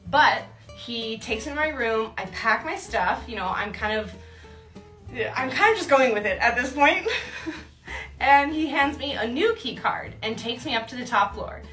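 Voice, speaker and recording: Chatty young woman with a bright voice. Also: a little high, roomy sound. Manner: chatty, laughs often, lots of "like", acts out her own thoughts. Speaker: storyteller. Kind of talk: casual personal storytelling. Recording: distant mic with faint music.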